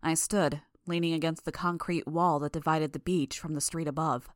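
Audiobook narrator: woman, deep low voice, steady measured read, dry close sound. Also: dry recording. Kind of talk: first-person audiobook narration.

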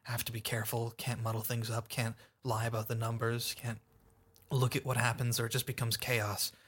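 A man's voice: medium pitch, level tone, a little fast, a bit bright, slightly rough. Timid, frightened young girl, as a man reads her. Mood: pleading. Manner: pleading, fearful.

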